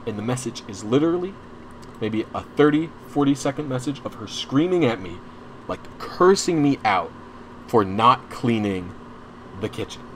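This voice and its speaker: A man's voice: medium pitch, animated, normal speed, a bit bright, a little hiss or hum. A young man streaming, telling a long personal story in casual chat, rambling and restarting often, sounding anxious and frustrated. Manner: rambling, full of restarts and asides; openly anxious and frustrated as he recounts.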